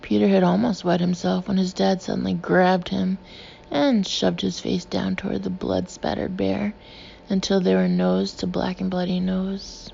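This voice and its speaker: A woman narrating an audiobook in a hushed manner that sometimes turns breathy and near-whispered. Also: mid-range voice, level tone, normal speed, dull audio.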